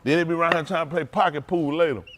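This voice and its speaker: Male pastor, joking sermon style, laughs a lot, slightly higher voice. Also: fairly even intonation, racing, a little hiss or hum. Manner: loud, laughing, playful banter with the congregation; drops to a low, quiet earnest tone for counsel. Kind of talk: joking sermon talk to a congregation.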